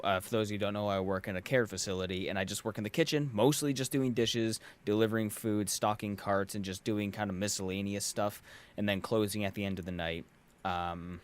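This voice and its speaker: A young man hosting a podcast, telling a long exasperated story with sardonic asides and frequent swearing, worn out from work. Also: lowish voice. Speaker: podcast host. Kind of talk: casual podcast rant.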